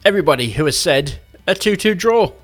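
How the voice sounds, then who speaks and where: Chatty male radio host, fairly high voice. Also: animated. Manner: chatty, with quick restarts; upbeat, bright links into music. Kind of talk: casual radio chat.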